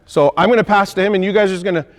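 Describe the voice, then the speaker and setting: A man's voice: high voice, rapid-fire, in a large hall. A man coaching basketball on a court and demonstrating moves, checking in with "okay?" and "right?", a little out of breath. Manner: instructive, punctuates points with "okay?" and "right?". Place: gym.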